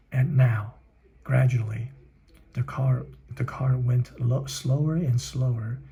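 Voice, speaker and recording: A man's voice: mid-range voice, vocal fry, mellow, muffled recording. A man reading a children's book aloud and stopping to explain words, sometimes dropping to a whisper. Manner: reads slowly, stops to explain words in another language; drops to a whisper at times. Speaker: reader and teacher.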